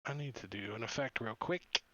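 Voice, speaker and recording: Man, dungeon master, bright voice, slow rambling narration, lots of fillers, dull dry voice-chat sound. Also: medium pitch, no echo. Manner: loose, rambling narration full of "uh" and "like". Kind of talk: narrating a tabletop game over voice chat.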